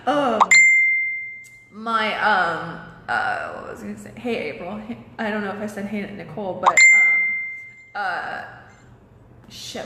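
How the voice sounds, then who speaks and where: A woman's voice: medium pitch, echoey room, in a large hall, background noise. A young woman vlogging a candid personal story, swearing often and losing her train of thought now and then.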